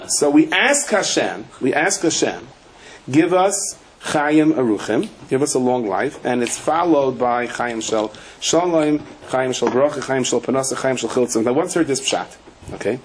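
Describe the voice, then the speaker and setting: A man's voice: mid-range voice, lively intonation, measured pace, a little hiss or hum, poor audio. A man, a rabbi, giving a sermon-style Torah class, weaving humorous stories into the teaching and acting out the people he quotes. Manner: humorous storytelling, acts out quoted voices.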